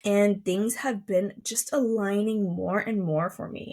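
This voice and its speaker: A pregnant woman in her thirties hosting a solo podcast, talking in a soft, emotional, reflective way with many fillers. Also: medium pitch, steady tone, measured pace. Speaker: podcast host.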